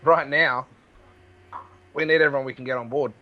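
A man's voice: medium pitch, steady tone, moderate pace. A man co-hosting a casual sports chat podcast, speaking bluntly and matter-of-factly. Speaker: podcast co-host. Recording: dull lo-fi mic.

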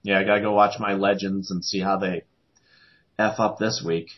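A man co-hosting a podcast in casual chat, animated and quick to joke. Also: deep voice. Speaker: podcast co-host. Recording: dull lo-fi sound.

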